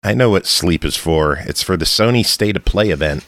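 A man's voice: low voice, animated, brisk, a bit bright, no echo. A man hosting a casual podcast chat, jokey and laid-back. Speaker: podcast host.

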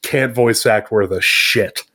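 A man's voice: fairly low pitch, takes it slowly, sharp tone, dry recording. A man talking loosely and bluntly as a guest reviewer on a gaming podcast. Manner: loose, blunt, a bit of profanity. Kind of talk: casual podcast chat.

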